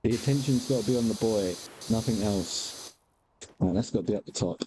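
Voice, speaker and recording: Dark-voiced man streaming and cooing at his cat. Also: fairly quick, a little hiss or hum, low-quality recording. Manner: baby-talks to his cat in a high sing-song voice; relaxed, mutters to himself while gaming. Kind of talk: casual livestream chat.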